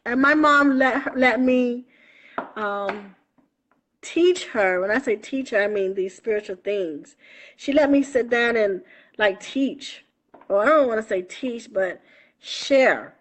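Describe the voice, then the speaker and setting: A woman's voice: a little high, takes it slowly, a bit bright. A woman spiritual coach in a casual live stream on her phone, affectionate and laughing often, calling listeners baby and honey.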